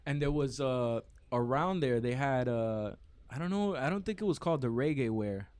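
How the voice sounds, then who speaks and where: A man's voice: mid-range voice, moderate pace, a little mellow, no room sound. A man from Miami chatting on a podcast, swearing freely and slipping into impressions of his friends mid-story. His mid-range voice sits dry and close to the mic. He sounds loose and talkative. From Miami, Florida. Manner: profane, storytelling, mimics others' voices. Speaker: podcast guest, event organizer. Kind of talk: casual podcast chat.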